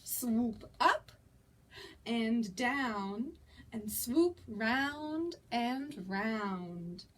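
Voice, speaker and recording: An American children's librarian reads a story to toddlers in a high, sing-song voice, going very slowly. She is animated and coaxes the little ones to join in.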